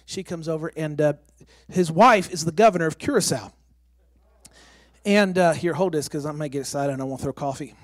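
In a church sanctuary, a man with a slightly high voice talks fairly quickly through his testimony as a missionary and former pastor. He's excitable and emphatic, edging toward tears, and there's no echo on the audio.

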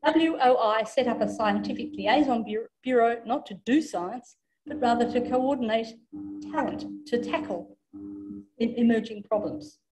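Woman, Australian English accent, lecturer, measured reading, fairly high voice. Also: noisy background. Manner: measured reading with occasional self-corrections. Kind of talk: formal academic lecture.

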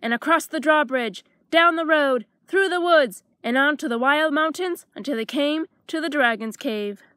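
A woman reading a children's storybook aloud with lively, expressive narration. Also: sits high, moderate pace, few pauses, no echo.

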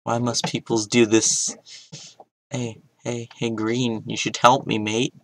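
A man's voice: medium pitch, little pitch movement, takes it slowly, rough recording. Laid-back young man mumbling gameplay commentary. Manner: mumbling to himself, sudden loud outbursts. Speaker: gaming YouTuber.

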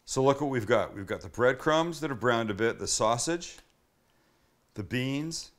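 A man's voice: mid-range voice, animated, a little slow, low-quality recording. A man hosting a casual cooking demonstration, chatty and enthusiastic as he walks the viewer through each step. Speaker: cooking show host.

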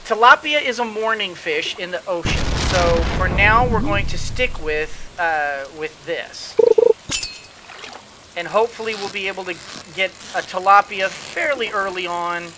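A let's play host giving gameplay commentary, thinking aloud and cheering the game on with excited exclamations. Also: medium pitch, unhurried, noisy background.

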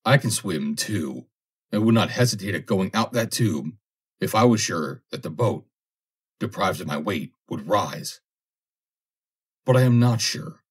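A man's voice: lively intonation, measured pace, long pauses, husky, full character voice. Man doing a grim, menacing sea officer. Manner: low, grim and menacing delivery. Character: grim, hard-bitten male submarine officer. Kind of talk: audiobook character voice.

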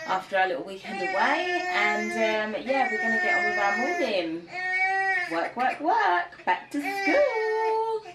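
A woman's voice: medium pitch, very noisy. A woman in her thirties hosting a family vlog, cooing and sing-song as she talks to her baby. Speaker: vlog host, mother. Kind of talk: casual family vlog chat.

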